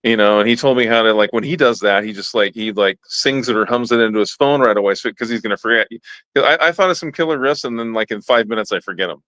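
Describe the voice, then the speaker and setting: Man, musician guest, rambling, low voice, dry close sound. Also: quick pace, a bit bright, no room sound, poor audio. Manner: rambling, lots of "like" and "you know". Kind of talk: casual interview chat.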